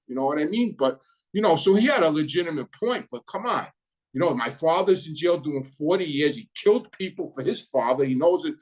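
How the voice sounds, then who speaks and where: A man's voice: fairly high pitch, lively intonation, a little fast, poor audio. Middle-aged man telling a rambling story. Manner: rambling, repeats himself, heavy on "you know". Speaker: host recounting his past. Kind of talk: casual storytelling monologue.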